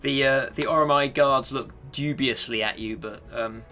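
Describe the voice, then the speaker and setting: A man narrating a tabletop game as game master, halting with many fillers. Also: mid-range voice, bright, forceful tone, soft background music.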